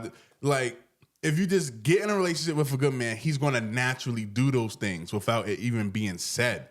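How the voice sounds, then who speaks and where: A man's voice: mid-range voice, a little fast. A man co-hosting a podcast in a casual, conversational way, telling stories and using slang. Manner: relaxed conversational, storytelling with slang. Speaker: podcast co-host. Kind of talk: casual chat.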